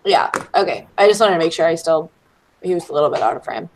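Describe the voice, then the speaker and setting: Low-voiced woman playing a tabletop game. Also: lively intonation, quick pace, rough recording. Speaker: player. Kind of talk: tabletop role-play.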